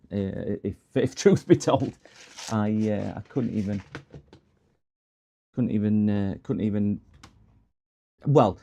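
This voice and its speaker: A man's voice: on the low side, vocal fry, warm tone. A man chatting casually to his stream while he works on repairs, telling rambling stories with lots of restarts and laughs. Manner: rambling, stop-start storytelling with frequent laughs and restarts. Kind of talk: casual chat while working. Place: workbench at home.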